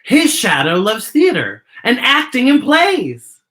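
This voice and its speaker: A woman's voice: on the high side, huge pitch swings, takes it slowly, fairly bright tone. A woman hosting a children's story time, reading a picture book aloud and talking directly to young viewers at home.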